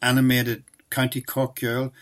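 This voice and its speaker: A man reads documentary narration from a script. His delivery is measured and even, and his voice sits at an ordinary middle pitch for a man.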